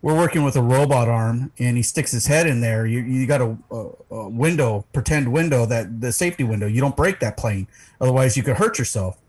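A man's voice: medium pitch, fairly quick, a little mellow. A man telling rowdy, profane stories in a casual podcast chat, laughing into his lines.

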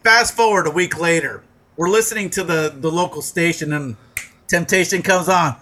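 A man casually telling a profane story on a talk show, acting out shouting crowds along the way. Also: fairly high pitch, moderate pace, a little hiss or hum. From moved to Arizona as an adult. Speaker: podcast co-host telling a story.

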